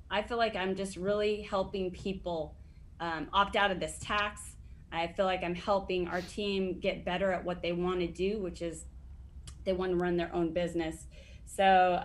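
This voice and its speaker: Excitable woman on a team call, rambling update full of fillers. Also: medium pitch. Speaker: insurance agent sharing team update.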